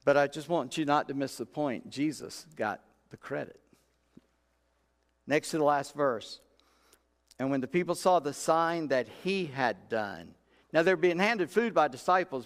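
A man preaching a sermon in a church, telling stories in a folksy way and acting out the voices in his quotes. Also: on the high side. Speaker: pastor. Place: church sanctuary. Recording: long hall reverb.

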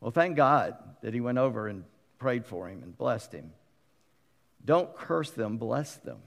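A middle-aged male pastor preaching a sermon in a conversational, animated way, acting out quotes with humorous asides. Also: mid-range voice, unhurried, gravelly. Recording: long reverb of a large hall.

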